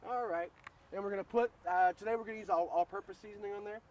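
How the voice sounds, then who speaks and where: A man's voice: high-pitched, steady tone, fast talker, a little mellow, slight background noise. Chatty man hosting an outdoor grill demo. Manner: joking, chatty, addresses viewers as guys. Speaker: grill cooking show host. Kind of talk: casual cooking demo.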